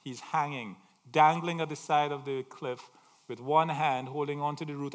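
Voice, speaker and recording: A man preaching a sermon, telling stories dramatically and swinging between loud calls and soft asides. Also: mid-range voice, normal speed, long reverb tail.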